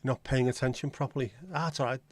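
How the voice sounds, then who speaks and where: Chatting loosely on a livestream, a Liverpool man cracks jokes, swears casually, and names viewers as he goes. His middle-pitched voice is delivered flatly and fast. The recording is close and dry, without room echo.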